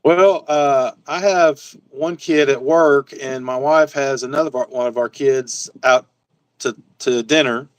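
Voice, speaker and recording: A man's voice: mid-range voice, unhurried, smooth, no echo, poor audio. A laid-back man chatting on a livestream from home, laughing easily and reading out names from the chat. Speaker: guest and fellow collector.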